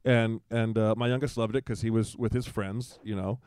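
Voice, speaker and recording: A man's voice: on the low side, steady tone, moderate pace, a little mellow, clear, resonant tone, no room sound. A man in his forties, a guest in a casual conversation, telling a personal story and acting out quoted dialogue in livelier voices, with frequent restarts.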